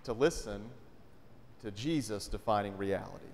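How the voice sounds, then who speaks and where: A pastor from North Carolina, preaching a conversational sermon and often asking "right?". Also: male voice, lowish voice, normal speed, vocal fry, slight background noise. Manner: conversational, frequent rhetorical "right?". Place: church sanctuary. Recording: long church reverb.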